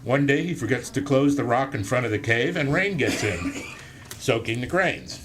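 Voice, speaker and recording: A man's voice: medium pitch, lively intonation, moderate pace, noisy background. A man reading aloud from his own book to a live audience, breaking off for self-deprecating jokes. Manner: self-deprecating, joking asides. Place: indoor room with an audience.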